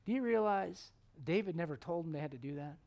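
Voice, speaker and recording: A man preaching a sermon, telling stories and acting out the quotes, sometimes dropping to a hushed tone. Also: fairly high pitch, quick pace. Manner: animated storytelling, acts out quotes, drops to hushed tones.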